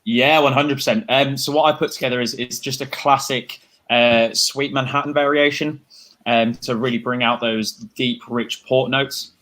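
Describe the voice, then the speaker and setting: An easygoing man talks cocktails and food pairings with open enthusiasm. He leans on "like" and quick restarts. His voice sits at a plain middle pitch for a man. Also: fairly even intonation, fairly bright tone. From United Kingdom. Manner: easygoing, enthusiastic, filler-heavy with "like". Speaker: bartender and co-host. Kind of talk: casual live tasting chat.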